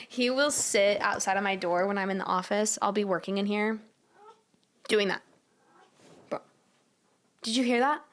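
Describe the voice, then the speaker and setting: A woman's voice: mid-range voice, normal speed, pauses often, a little hiss or hum. Chatty young woman on a home livestream. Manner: chatty, giggly, slangy, coos at her cat. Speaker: livestream host. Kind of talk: casual livestream chat.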